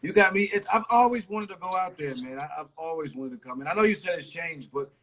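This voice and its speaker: A man's voice: on the high side, lively intonation, fast, fairly bright tone. A man hosting a casual hip-hop conversation, talking bluntly and with emphasis in heavy slang. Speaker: host.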